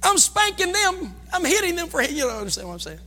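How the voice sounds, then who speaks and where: High, bright-voiced preaching man. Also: big pitch swings, fast talker, soft background music. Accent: American Midwest. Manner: folksy, swings between loud shouting and low asides. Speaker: pastor. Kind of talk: sermon. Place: church sanctuary. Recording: long church reverb.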